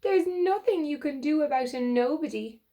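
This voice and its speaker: A woman voicing a cheerful little storybook man who talks in bright, eager exclamations. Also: high-pitched, lively intonation, normal speed, voice pushed up.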